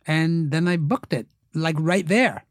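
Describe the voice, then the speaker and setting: Animated man telling a story in a dry room. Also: on the high side, unhurried, no echo. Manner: animated, acts out quoted voices, many fillers. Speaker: guest, actor. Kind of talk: casual interview storytelling.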